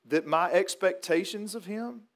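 Male pastor, high voice, folksy storyteller turned earnest preacher. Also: measured pace. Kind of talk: funeral sermon with storytelling.

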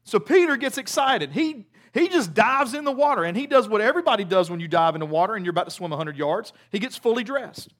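A man with a high voice delivers a sermon, telling the story with animated humor. His delivery is lively and conversational, with jokes dropped in along the way. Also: fast, hardly any pauses. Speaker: preacher.

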